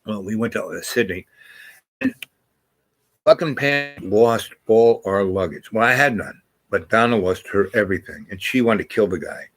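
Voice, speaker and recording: Speaking at a moderate pace in a lowish voice, an older storyteller wanders through personal anecdotes, cursing freely and restarting often amid lots of fillers. He groans and aches from sitting too long.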